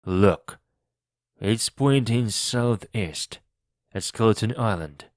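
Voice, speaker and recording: A man's voice: lowish voice, slow, no echo, clean studio sound. A man doing a jittery superstitious pirate. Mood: fearful. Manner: fearful, anxious. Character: superstitious frightened male pirate, jumpy. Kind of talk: audiobook reading for learners.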